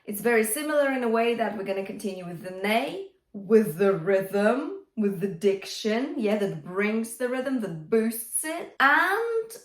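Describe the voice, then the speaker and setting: A woman's voice: medium pitch, expressive, measured pace, few pauses, darkish tone, roomy sound, far from the mic. A woman coaching a singing lesson, explaining technique and singing lines to show it, encouraging her students with a coaxing "yeah?". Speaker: vocal coach. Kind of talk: singing lesson with sung demonstrations.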